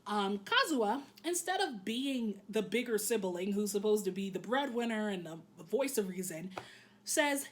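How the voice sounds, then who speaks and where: A woman casually recapping an anime episode in a candid, joking way, swearing freely and filling pauses with "um". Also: medium pitch, lively intonation.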